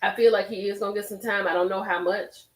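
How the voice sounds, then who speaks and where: A woman's voice: medium pitch, steady tone, quick pace. A woman hosting a casual live stream, reacting expressively and talking straight to her chat. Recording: roomy echo.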